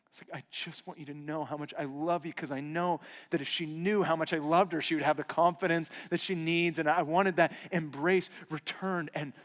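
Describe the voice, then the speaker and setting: A man in his thirties preaching a sermon, telling personal stories earnestly and dropping to a hushed voice for emphasis. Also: fairly high pitch. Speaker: pastor. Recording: long hall reverb.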